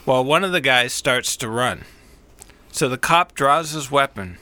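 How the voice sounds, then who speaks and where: A man in casual chat who cracks dry jokes and calmly retells a news story. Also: mid-range voice, unhurried, no echo.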